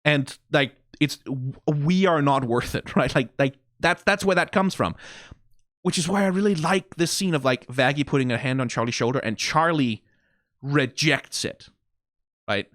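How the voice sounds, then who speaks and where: A man giving casual, profane commentary as a video reviewer, animated and prone to mocking impressions. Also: fairly high pitch, moderate pace, no echo, studio quality.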